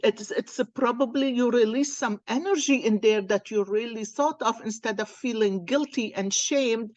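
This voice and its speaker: A woman's voice: a little high, normal speed, darkish tone, no room sound. A woman card reader telling a personal story in a casual, earnest, encouraging way.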